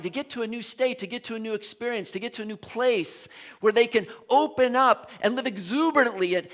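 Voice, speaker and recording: A middle-aged male minister giving a conversational sermon, telling the story in an animated way and often repeating and restarting his words. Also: high voice.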